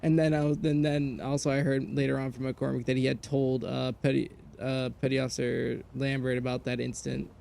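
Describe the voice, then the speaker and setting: A man streaming a game, telling a story in casual chat, animated and profane, jumping between loud outbursts and low mutters. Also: a little fast, gravelly, hardly any pauses. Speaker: gaming streamer.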